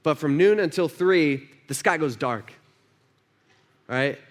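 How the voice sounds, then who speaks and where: Taking it slowly, a man whose voice is a little high and expressive preaches to his church. The pastor keeps things conversational, questioning the listeners and acting out quotes from the people in the story he tells.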